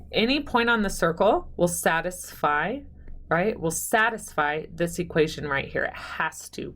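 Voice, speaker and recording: In a recorded video lecture, an adult math instructor, a married mother, speaks in a slightly low voice with vocal fry. She's chatty and self-deprecating, addressing her students directly, and sometimes counts softly under her breath as she draws on the board.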